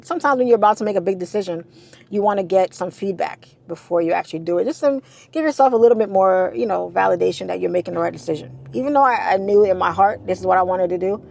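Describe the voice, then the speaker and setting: A woman's voice: lowish voice, creaky, darkish tone. A woman telling a candid story for her vlog, blunt and casual, swearing freely and repeating herself for emphasis.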